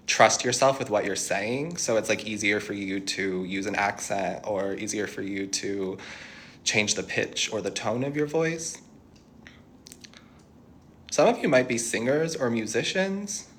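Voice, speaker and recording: A man's voice: on the low side, fairly bright tone. Man giving a musing tarot reading. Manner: reassuring, musing, thinks aloud. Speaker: tarot reader. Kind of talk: channeled tarot reading to viewers.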